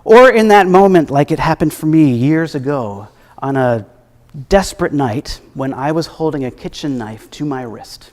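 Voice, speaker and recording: A man preaching a sermon as minister, reflective and gently humorous, his voice at times dropping soft. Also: on the high side, lively intonation, measured pace. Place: church sanctuary. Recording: echoey hall with long reverb.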